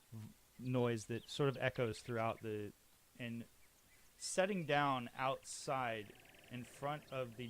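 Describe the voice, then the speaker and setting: A man's voice: mid-range voice, slight background noise. Man narrating as game master. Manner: loose, rambling narration.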